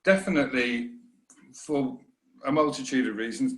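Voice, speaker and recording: A man's voice: mid-range voice, fairly bright tone. Earnest man, echoey room. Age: middle-aged. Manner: earnest, halting, many restarts, mimics voices. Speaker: interview guest. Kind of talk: reflective conversation. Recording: roomy echo.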